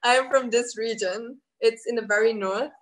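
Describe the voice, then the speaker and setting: A woman's voice: a little high, normal speed, rough recording. Woman from northern Italy, chatty explainer who laughs easily. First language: German. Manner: explains with examples, laughs often. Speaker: educational video creator. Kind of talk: casual video call chat.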